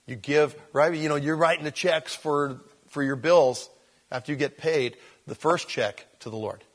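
A man's voice: fairly high pitch, moderate pace. A male pastor giving a conversational Bible teaching, folksy and rambling, often correcting himself as he goes.

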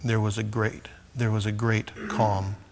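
A man's voice: fairly low pitch, level tone, a little slow. A man preaching a sermon in a conversational manner, acting out scripture scenes. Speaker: pastor. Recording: long echo of a large hall.

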